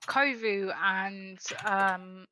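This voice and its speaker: A woman's voice: mid-range voice, fairly even intonation, drawn-out words, noisy background. A woman game master narrating a tabletop game in a rambling way, correcting herself as she goes.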